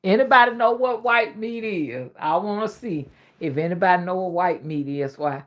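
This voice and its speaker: Folksy Southern woman with lively pitch. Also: moderate pace, a little hiss or hum. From Alabama. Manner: folksy, old-fashioned Southern talk, chuckling. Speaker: livestream host. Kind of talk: casual livestream chat reading comments.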